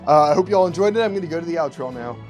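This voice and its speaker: Deadpan man reading a screenplay. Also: a little high, lo-fi sound, faint music behind. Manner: slow, deadpan scene narration. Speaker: YouTuber writing a movie script.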